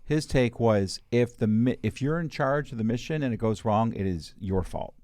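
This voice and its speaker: A man's voice: medium pitch, normal speed, a little mellow, no echo. A man hosting a podcast in casual chat who jokes around and laughs often. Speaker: podcast host.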